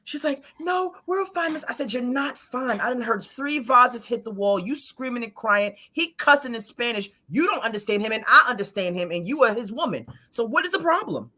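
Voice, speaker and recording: A Brooklyn, New York woman, an adult with a child, tells an animated story as a podcast guest in casual chat. She's emphatic and blunt, quoting herself in lively asides. Her voice is a little high and brisk, with hardly any pauses.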